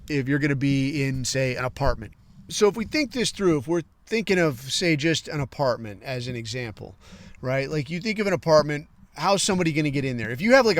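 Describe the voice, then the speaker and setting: Man, podcast host, blunt and profane, slightly high voice, smooth, dry sound. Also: fairly bright tone, no room sound. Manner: blunt, profane, fillers like "like" and "right". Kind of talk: casual podcast monologue.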